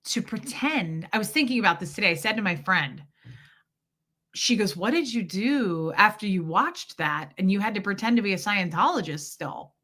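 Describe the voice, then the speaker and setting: A woman's voice: medium pitch, animated, normal speed, sharp tone. A woman hosting a casual livestream chat, talking candidly and telling a personal story with quoted voices. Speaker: livestream host. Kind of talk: casual chat with live viewers.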